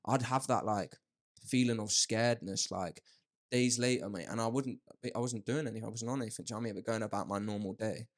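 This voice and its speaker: A man's voice: lowish voice, fast talker. A young man chatting candidly on a podcast, rambling and calling his listener "mate". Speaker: podcast host. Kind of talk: casual podcast chat.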